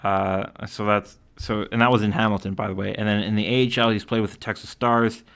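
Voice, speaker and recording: A man's voice: on the low side, little pitch movement, fairly quick, vocal fry, a bit bright. A man from Canada giving casual solo commentary, reading out stats and quotes with lots of fillers. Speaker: hockey commentator.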